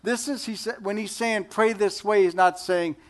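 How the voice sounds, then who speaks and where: A middle-aged man delivers a sermon in a relaxed, conversational way. His voice sits high for a man, and he keeps it light with jokes and quick questions to his listeners. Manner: conversational, joking, asks the audience questions. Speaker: pastor.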